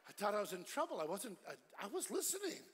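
A middle-aged man giving a lively, joking evangelistic sermon at a church concert, swinging from loud storytelling to hushed pleading. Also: high voice, fast, breathy edge. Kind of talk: energetic evangelistic sermon with jokes. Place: large church concert hall. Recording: live church hall with long reverb.

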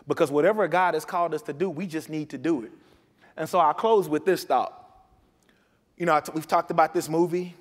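Impassioned preacher with a slightly high voice. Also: male voice, long reverb tail. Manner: impassioned, building from quiet to loud. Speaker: pastor. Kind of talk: sermon. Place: church sanctuary.

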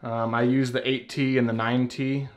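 A man's voice: mid-range voice, flat delivery, normal speed, a little hiss or hum. Chatty rambling man vlogging at home. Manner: rambling, chatty, swears casually, laughs often. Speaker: beard care vlogger. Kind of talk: casual product show-and-tell. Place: at home by a shelf. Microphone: handheld camera at arm's length.

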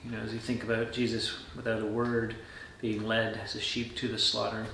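A pastor reading a scripture passage aloud and then reflecting on it in a measured devotional talk, often dropping to a soft, low voice. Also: male voice, monotone, creaky, roomy sound, slight background noise.

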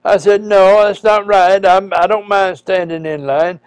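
A man, a preacher, telling a personal story in a folksy, halting way with frequent pauses and restarts. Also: sits high, steady tone, clean tone, no room sound.

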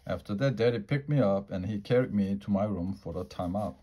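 A man reading a children's book aloud in a quiet, measured way. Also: fairly low pitch. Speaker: storyteller.

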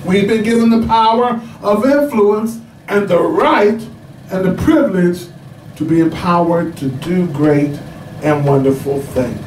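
A man with a very high, bright voice preaches, swinging from calm storytelling into laughing shouts. He sounds distant from the mic in an echoey church, with faint noise behind him. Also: measured pace. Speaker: pastor. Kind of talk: sermon.

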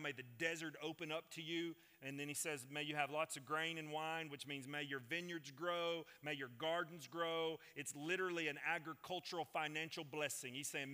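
A man's voice: fairly high pitch, bright, forceful tone, in a large hall. A man preaching a sermon, reading scripture dramatically and explaining it to his congregation. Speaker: pastor.

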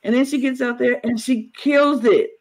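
A man co-hosting a podcast in casual chat, talking in an animated way and acting out other people's words. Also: moderate pace, poor audio. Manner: animated, acts out quotes in high exaggerated voices. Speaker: podcast co-host.

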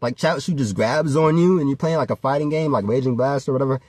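A man's voice: mid-range voice, fast, a little mellow, dry recording, studio quality. A man giving a rambling, casual commentary, laughing often and swearing freely as he talks. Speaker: vlogger.

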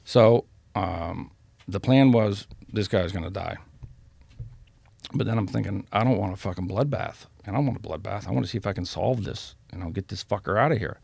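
Man, low gravelly voice, blunt profane storyteller; dry podcast mic. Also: darkish tone, no room sound. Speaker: podcast guest. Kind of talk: storytelling in a casual interview.

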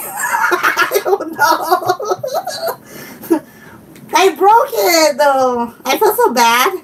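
A woman's voice: very high-pitched, big pitch swings, extremely slow, pauses often, a bit bright. A woman chatting casually on a live stream, giggling often and talking to her viewers. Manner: giggly, chatty, laughs often and reads chat aloud. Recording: distant mic with faint background noise.

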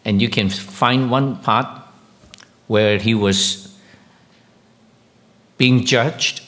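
Slow-speaking pastor preaching a sermon. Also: male voice, steady tone, a bit bright. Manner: slow, halting delivery with questions to the congregation; rises sharply in pitch and volume when emphatic.

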